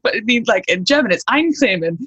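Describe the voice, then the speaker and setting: A woman's voice: a little high, animated, fairly quick, a bit bright, slightly rough, muffled recording. Chatty young woman asking questions. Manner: curious questioner, laughs easily, chatty with "like" fillers. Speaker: interviewer. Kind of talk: casual conversation.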